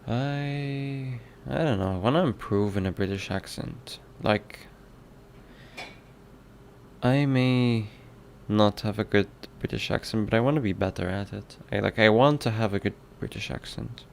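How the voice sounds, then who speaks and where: A man's voice: on the low side, fairly quick, gravelly, few pauses, a little hiss or hum. A man streaming his game development work, chatting casually with viewers, musing aloud and reading their comments. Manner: musing, reads chat aloud, toys with mock accents. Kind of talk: casual livestream chat, thinking aloud.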